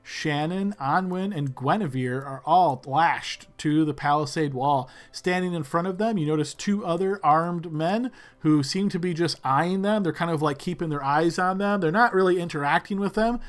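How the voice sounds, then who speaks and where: A man's voice: on the high side, normal speed, few pauses. A man narrating as game master for a tabletop role-playing game, describing scenes in a loose way with many fillers.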